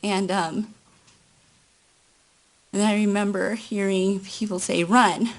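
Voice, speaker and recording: A woman testifying as a witness at a trial, recounting events in a slow, halting way. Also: mid-range voice, level tone, a little mellow. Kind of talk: courtroom testimony.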